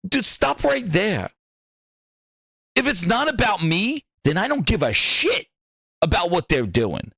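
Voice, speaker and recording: Heated high-voiced man ranting. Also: sing-song, a little slow, vocal fry, pauses often, pushed and bright, no room sound, studio quality. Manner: heated, exasperated, profane, mocking voices. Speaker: gaming channel host. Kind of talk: ranting commentary.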